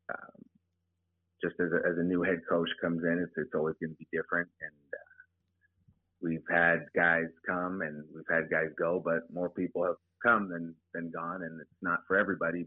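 A man, a high school football head coach, talking plainly in an interview, often repeating words as he starts sentences. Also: no room sound. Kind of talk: casual interview. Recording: tinny phone line, dry.

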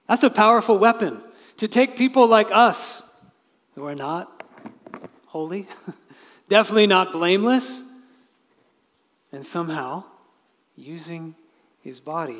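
A male pastor preaching in a church sanctuary, his somewhat high voice carrying a long reverb tail. He moves from loud, emphatic declarations to hushed lines that are nearly whispered. Conversational asides break in, sometimes with a light laugh. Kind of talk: sermon.

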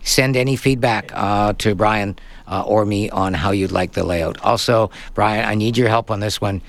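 A man's voice: fairly low pitch, moderate pace, gravelly. A man hosting a call-in tech radio show, chatting casually with guests and reading out listener messages. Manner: chatty, laughs easily, reads listener messages.

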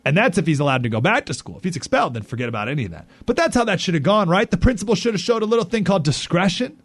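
A man's voice: sits high, rapid-fire, slightly rough, no room sound. A male talk radio host riffs on a local story with real indignation, and his voice leaps and drops all over. He is recorded dry and close, with no room sound at all. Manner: animated, indignant, acts out quotes.

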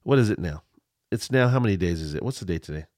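A man's voice: sits low, lively intonation, quick pace, a little mellow, no echo, clean studio sound. A middle-aged man telling a rambling story in casual chat, full of restarts and asides.

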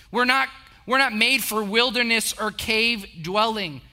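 A middle-aged male pastor preaching a sermon, swinging from rising exhortation to hushed, slow intimacy and repeating short urging phrases. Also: high voice.

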